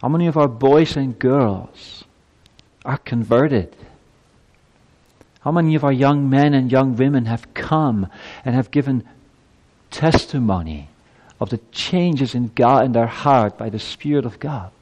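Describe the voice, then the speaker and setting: A man's voice: medium pitch, measured pace, long pauses, a little mellow. Earnest male preacher in a reverberant church. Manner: earnest preaching, rising emphasis on scripture quotes, rhetorical questions. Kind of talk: sermon.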